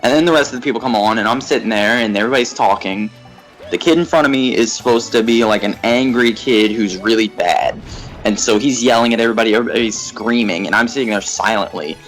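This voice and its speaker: A young man on a gaming livestream, telling a rambling, animated story and laughing at it. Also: medium pitch, quick pace, faint music behind, rough recording. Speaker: gaming streamer. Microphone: desk mic at a facecam setup.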